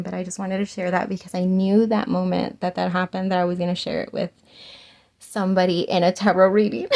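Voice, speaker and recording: Brief: a woman reading tarot, telling a story in a chatty, animated, loose way. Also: mid-range voice. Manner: chatty, animated, laughs often, casual swearing. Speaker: tarot reader.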